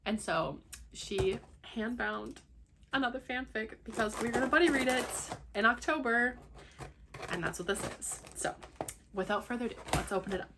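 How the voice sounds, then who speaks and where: A young woman vlogging as she unboxes books, gushing and excitable, at times dropping to a hushed whisper. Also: fairly high pitch, normal speed, background noise. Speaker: book vlogger. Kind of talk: casual unboxing vlog.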